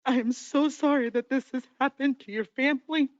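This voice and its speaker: Woman, 30s, commissioner addressing a grieving family; halting, near tears, higher pitch, lo-fi chamber mic. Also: no room sound. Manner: halting, emotional, many pauses and fillers. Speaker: city commissioner. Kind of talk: emotional public statement. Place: council chamber. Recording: dull lo-fi meeting audio.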